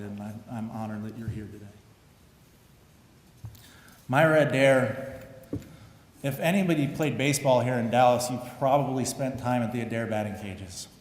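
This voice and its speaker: A man in his forties giving a hall of fame acceptance speech at a podium, telling stories and acting out what others said, turning soft and heartfelt. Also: mid-range voice. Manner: storytelling, acts out quotes, grows emotional and soft. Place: large hall. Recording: echoey hall, faint background noise.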